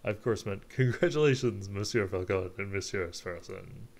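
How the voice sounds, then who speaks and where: A man's voice: on the low side, normal speed. A man doing a suave fox investigator. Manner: polite, suave, mysterious. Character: smooth, knowing male fox private investigator.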